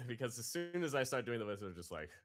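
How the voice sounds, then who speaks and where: A man appearing as a guest on a live show, talking in a slow, halting and wry way. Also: medium pitch, bright, forceful tone. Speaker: guest voice actor. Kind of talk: casual chat.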